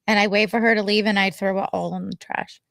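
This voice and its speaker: Woman, co-host, relaxed, wry, dry close sound. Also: mid-range voice, fast, vocal fry, no echo. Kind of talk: casual chat.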